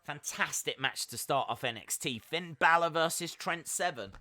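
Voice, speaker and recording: Chatty bright-voiced man reacting live. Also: fairly high pitch, expressive, moderate pace. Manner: chatty, upbeat, many fillers, reads out chat. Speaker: live-stream reaction host. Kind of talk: casual live wrestling watch-along commentary.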